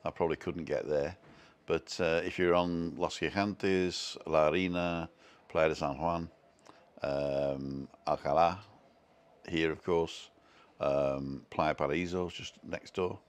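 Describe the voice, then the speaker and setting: A man's voice: very deep voice, steady tone, takes it slowly, clean tone. A man hosting a casual live stream, chatting in a self-deprecating way and reading out viewer comments from home.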